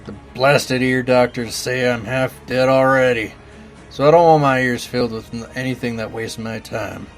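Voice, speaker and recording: A man's voice: mid-range voice, steady tone, moderate pace, soft background music, lightly acted. A man voicing a brusque, impatient old male professor with a blustery, commanding manner. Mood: gruff. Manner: blustery, commanding, barks orders.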